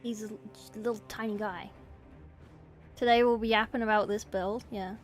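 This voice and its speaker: A woman's voice: medium pitch, fairly even intonation, moderate pace, faint music behind. A woman streamer chatting casually while painting, self-deprecating, swearing and giggling. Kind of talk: casual livestream chat.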